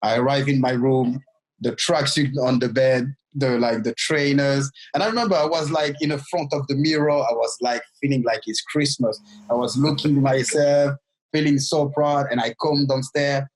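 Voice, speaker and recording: A man with a French accent, a podcast guest who speaks French as his first language, telling his story in lively, loosely phrased English. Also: mid-range voice, normal speed, poor audio. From France. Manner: animated, non-native English with loose grammar. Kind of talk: storytelling interview.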